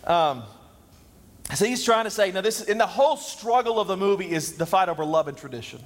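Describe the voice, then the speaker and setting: A man's voice: high voice, animated, a little fast. A man preaching a sermon as pastor, conversational and self-deprecating. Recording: long reverb.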